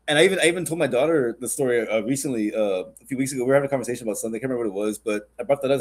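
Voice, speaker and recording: A man's voice: mid-range voice, very fast. A man hosting a podcast, chatting casually in a rambling, joking and profane way. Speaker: podcast host.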